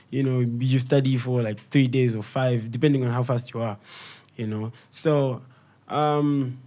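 A young Zambian man speaking with a Zambian accent in a relaxed podcast conversation. His delivery is lively storytelling, and his pitch sits in the middle for a man. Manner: animated storytelling, switches into local language for quoted voices. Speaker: guest comedian and content creator. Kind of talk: casual interview talk.

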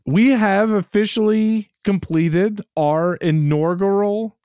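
A man's voice: sits high, takes it slowly, a little mellow, clear, resonant tone, no room sound, studio quality. A man co-hosting a film podcast, chatting casually, swearing freely and restarting his sentences as he rambles. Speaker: podcast co-host.

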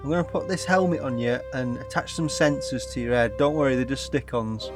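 A man's voice: medium pitch, a little fast, over music, close to an everyday voice. A man, playing an awkward young male student who stumbles over his words. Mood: eager.

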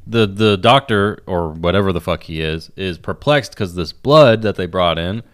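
A man's voice: sits low, animated, normal speed, a bit bright. A young man chatting casually about a movie, rambling and swearing now and then.

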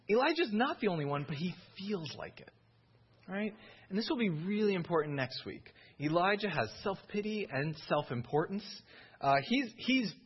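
A man preaching a sermon in a lively, conversational way, often checking in with his listeners. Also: fairly high pitch, breathy edge, dull audio. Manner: animated, conversational, keeps asking "right?".

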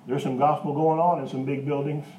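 A pastor preaching a sermon in a church, with an emphatic, folksy manner and homespun asides. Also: male voice, fairly high pitch, little pitch movement, brisk, dark tone, reverberant, far from the mic, highs cut off, a little hiss or hum.

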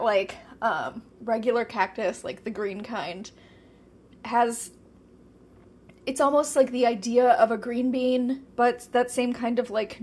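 Chatty woman thinking out loud. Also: on the high side. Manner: chatty, thinking aloud, filler-heavy. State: talking with her mouth full. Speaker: podcast host. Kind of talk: casual solo chat.

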